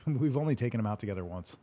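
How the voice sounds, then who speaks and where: Male stream host, low voice, laid-back joking banter, swears freely. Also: lively intonation, quick pace, warm tone. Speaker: livestream Q&A host. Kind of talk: casual livestream chat. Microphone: livestream microphone.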